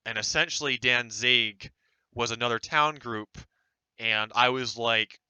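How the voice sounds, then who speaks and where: Young man with a smooth, bright voice. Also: medium pitch, measured pace, no echo, poor audio. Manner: laughing, animated storytelling with mocking quoted voices. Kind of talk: casual storytelling chat.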